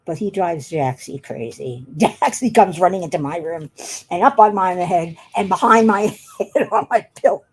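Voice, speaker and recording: A woman's voice: fairly low pitch, lively intonation, moderate pace, slightly rough. A woman chatting casually while she works on a craft at home, rambling and laughing often. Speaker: craft vlogger.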